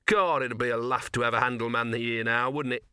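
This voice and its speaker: A scruffy, cynical little talking dog, as a man reads him, grumbling and world-weary with a wheeze behind his words. The voice is bright and sharp. It sounds close and dry, with no room behind it. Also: mid-range voice, steady tone, fairly quick, smooth, dry recording, lightly acted. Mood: mocking. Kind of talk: audiobook character voice.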